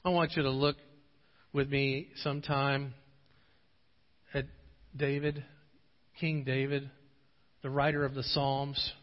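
A man preaching a sermon, at times pleading with rising intensity, at times telling a relaxed story. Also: mid-range voice, takes it slowly, long pauses. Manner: passionate, swelling to pleading intensity in prayer passages. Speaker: pastor. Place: church sanctuary. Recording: dull audio with long hall reverb.

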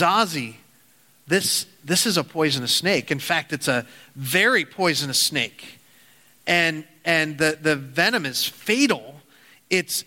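A man's voice: high-pitched, pushed and bright. Earnest man preaching in a reverberant hall. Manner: earnest, halting, with frequent restarts. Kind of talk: sermon with a spoken parable.

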